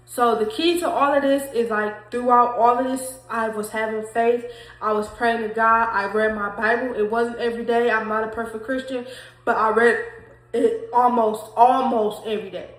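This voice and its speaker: A young woman telling a faith testimony to her viewers, emotional and talking straight to them, repeating herself. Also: on the high side. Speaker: vlogger sharing a faith testimony. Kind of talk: casual testimony vlog. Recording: echoey room.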